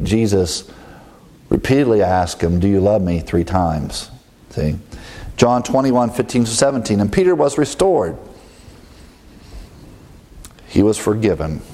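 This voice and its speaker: A man's voice: on the low side, darkish tone. A man from the American Midwest preaching a sermon in a conversational way, often laughing at his own jokes. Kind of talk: sermon with humor.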